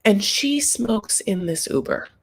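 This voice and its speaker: A chatty woman recapping a reality show in a casual, gossipy way. She talks straight to her viewers, animated and full of asides and "honey"s. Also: mid-range voice, takes it slowly, breathy edge.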